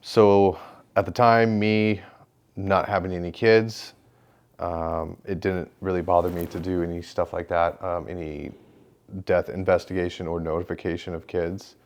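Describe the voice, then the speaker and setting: A man's voice: deep voice, little pitch movement, moderate pace. A man who works as a sheriff's deputy, a guest on a podcast, speaking hesitantly with many "um"s. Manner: hesitant, many "um"s, quiet and reflective. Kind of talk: casual podcast conversation.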